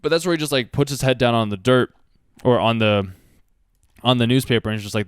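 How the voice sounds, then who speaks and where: A man's voice: medium pitch, brisk, smooth, no room sound, studio quality. A man casually commenting on an anime and giving earnest life advice, rambling with lots of fillers. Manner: rambling, earnest, heavy use of "like". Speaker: anime reaction host.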